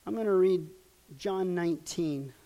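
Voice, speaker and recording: Man, preacher, sermon, high voice, dramatic, loud peaks and hushed lows. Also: unhurried. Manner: swings from loud emphatic peaks to hushed, low passages; dramatic, acts out quoted lines and asks the audience questions.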